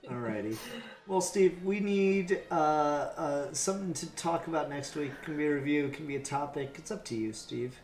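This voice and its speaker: A man's voice: fairly high pitch, moderate pace, a little mellow, slight background noise. A man co-hosting a podcast in casual chat, teasing and sarcastic, recorded in an echoey room. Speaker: podcast co-host.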